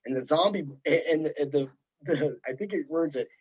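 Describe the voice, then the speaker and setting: A man hosting a podcast, chatting casually in a rambling, animated way. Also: a little high, normal speed, slightly rough. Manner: rambling, animated storytelling with put-on voices. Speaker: podcast host. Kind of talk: casual chat. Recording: dull lo-fi sound.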